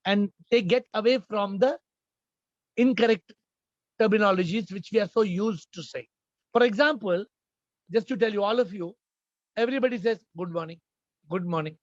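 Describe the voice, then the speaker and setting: Man, high voice, spiritual teacher answering questions, emphatic and repetitive, dry muffled sound. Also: moderate pace, long pauses, no room sound. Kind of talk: informal spiritual Q&A talk.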